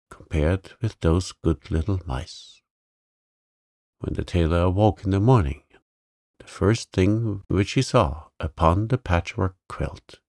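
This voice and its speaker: A man reading a bedtime sleep story in a calm, soothing, gravelly voice. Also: low-pitched, no echo, studio quality. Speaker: narrator.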